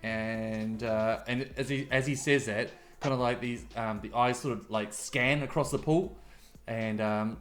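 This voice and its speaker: A man acting as game master for a tabletop role-playing game, telling the scene in a loose, meandering way full of fillers. Faint music plays under his voice. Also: mid-range voice. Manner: rambling, descriptive, loose storytelling with fillers.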